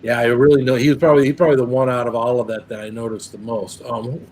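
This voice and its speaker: A man's voice: medium pitch, little pitch movement, fast talker, a loud crowd, rough recording. A man hosting a casual group chat, easygoing and agreeable. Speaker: host.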